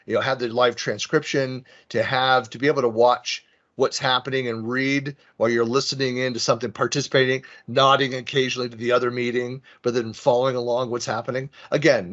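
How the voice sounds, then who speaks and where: A man's voice: medium pitch, a bit bright, muffled recording. A man with a Western US Bay Area accent giving an online presentation, rambling and self-deprecating, with many fillers and restarts. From San Francisco Bay Area. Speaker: conference speaker. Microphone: video call.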